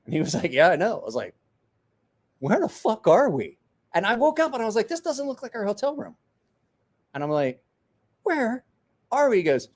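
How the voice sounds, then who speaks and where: A man's voice: a little high, darkish tone. A man in his forties, a podcast host telling a rowdy story in casual chat, swearing, laughing and acting out the voices of the people he quotes.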